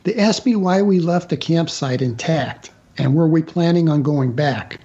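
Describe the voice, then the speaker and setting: A man telling a personal story as a guest author in a radio interview, halting with fillers and restarts. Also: fairly high pitch, lively intonation, mellow, dull audio.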